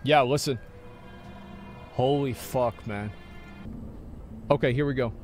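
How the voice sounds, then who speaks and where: Excitable male game streamer. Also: medium pitch, slow, soft background music. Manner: excitable, swearing, repeating himself. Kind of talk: live-stream gaming commentary.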